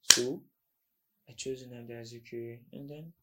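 A man, a guest telling his story in casual interview chat with quick asides. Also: mid-range voice, fairly even intonation, very noisy. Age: 20s.

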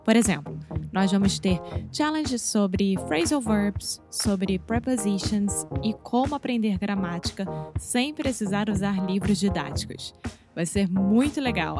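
Woman, podcast co-host, giggly and animated, mid-pitched, music under her voice. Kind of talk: casual podcast chat.

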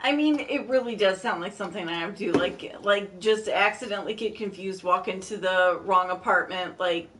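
A woman in a casual chat who teases and throws in quick jokes and reactions. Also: medium pitch, fairly bright tone, distant mic, slight background noise. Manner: teasing, quick joking reactions.

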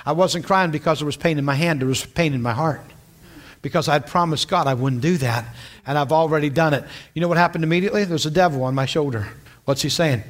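A man's voice: a little high, fairly quick. A man from western Pennsylvania preaching, telling a personal story with repeated words and check-ins with listeners. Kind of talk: sermon storytelling.

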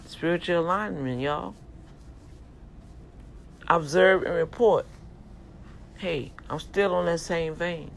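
On the high side and a bit bright, this man's gravelly voice goes slowly, with frequent pauses. He is a vlogger and self-publisher ranting casually to camera like a sermon, folksy and emphatic, telling his viewers to seek God.

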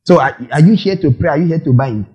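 Man, pastor, sermon, questioning the crowd, warm tone. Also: on the high side, quick pace, highs cut off. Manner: lively preaching with questions and acted-out quotes.

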